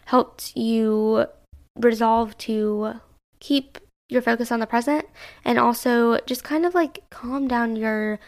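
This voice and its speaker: Young woman podcaster rambling to herself, kinda high voice, lots of fry. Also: steady tone, takes it slowly. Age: 20s. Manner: rambling, chatty, self-reflective. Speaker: podcast host. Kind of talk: casual solo podcast monologue.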